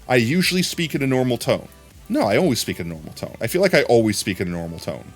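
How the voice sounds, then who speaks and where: Rambling man with lively pitch. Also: fast talker, faint music behind. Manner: rambling, self-interrupting talk. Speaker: streamer. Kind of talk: casual chat.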